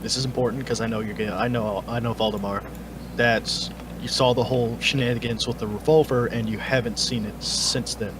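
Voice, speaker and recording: A man's voice: medium pitch, steady tone, a little fast, noisy background. A man playing a tabletop game online, rambling and swearing casually. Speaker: player.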